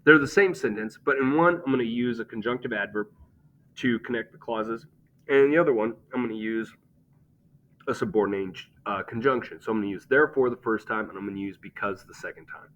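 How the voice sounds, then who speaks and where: A man's voice: mid-range voice, fairly quick, fairly bright tone, lo-fi sound. A man teaching a grammar lesson, explaining step by step and checking in with "okay?".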